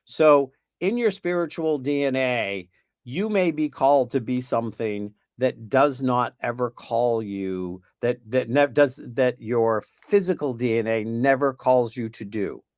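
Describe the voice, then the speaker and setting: A man's voice: medium pitch, measured pace, a little mellow, no echo. A man hosting a spiritual panel on a video call, talking in a chatty, meandering way with playful asides, and losing his voice. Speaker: panel host.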